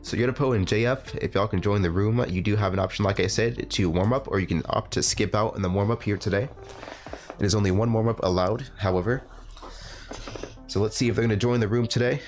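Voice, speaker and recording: A man announcing a live online game tournament, talking in a rambling, halting way with lots of fillers and restarts. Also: on the low side, faint music behind. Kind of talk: live esports commentary.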